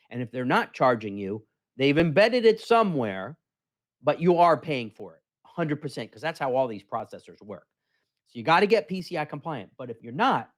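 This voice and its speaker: Energetic man hosting a sales show. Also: fairly high pitch. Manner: animated, talks to the viewer, acts out customers' questions. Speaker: host. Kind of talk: energetic sales pitch to camera.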